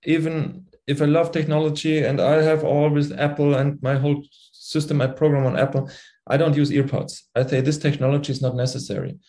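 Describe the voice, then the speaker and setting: A man's voice: on the high side, flat delivery, brisk, dark tone. A middle-aged man with a German accent, a native German speaker, explaining his ideas earnestly as a podcast guest and sometimes searching for words. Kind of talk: conversational interview.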